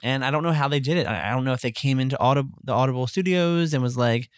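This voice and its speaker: A woman's voice: extremely low pitch, fast, few pauses, no echo, clean studio sound. A woman co-hosting a podcast in casual chat, chatty and laughing often, trailing off mid-sentence. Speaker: podcast co-host.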